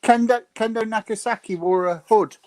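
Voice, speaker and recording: A man's voice: sits high, normal speed, a little mellow. A man on a video call chatting on a fan show, dropping dry wisecracking asides. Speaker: guest. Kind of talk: casual chat.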